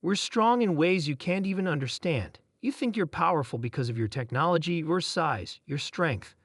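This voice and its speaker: A man voicing a calm, quietly determined young human girl, speaking softly and firmly. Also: a little high, moderate pace, no room sound, clean studio sound. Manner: soft, calm and firm.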